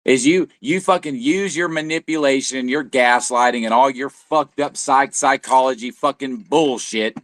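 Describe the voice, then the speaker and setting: A man's voice: mid-range voice, normal speed, few pauses, a bit bright, dry recording, studio quality. Man in a heated, swearing tirade. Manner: profane, accusatory, heated. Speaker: livestream co-host. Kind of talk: angry livestream rant.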